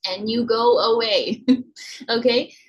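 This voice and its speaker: A woman in her thirties gently teaching emotional self-care, checking in with listeners as she explains. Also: on the high side, level tone, slow pace, slightly rough, highs cut off. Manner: gentle, coaching, many "okay?" check-ins. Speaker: inner healing coach. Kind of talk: teaching talk to camera.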